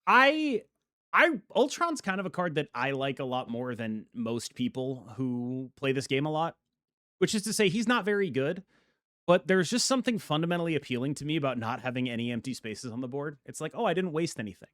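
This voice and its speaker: A man hosting a casual chat about a card game, animated and quick to laugh. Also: mid-range voice, dry recording, studio quality. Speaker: host.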